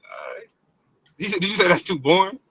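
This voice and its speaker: A man's voice: high-pitched, huge pitch swings, a little fast, sharp tone, a little hiss or hum, rough recording. A man with speech, throwing in blunt, joking remarks in casual podcast chat.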